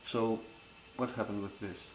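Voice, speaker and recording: Man asking halting questions. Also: on the low side, flat delivery. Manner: halting questions with frequent restarts. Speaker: interviewer. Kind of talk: oral history interview. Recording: echoey room with faint hiss.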